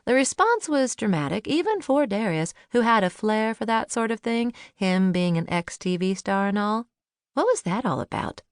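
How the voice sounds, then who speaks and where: A woman narrating a first-person novel in a measured, lightly wry manner, on a close studio mic. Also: medium pitch, animated, no echo. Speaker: audiobook narrator.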